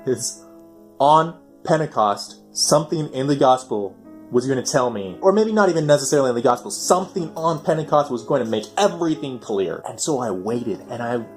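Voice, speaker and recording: A young man telling a personal story in an animated way, swinging from loud excitement to near whispers. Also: mid-range voice, brisk, faint music behind.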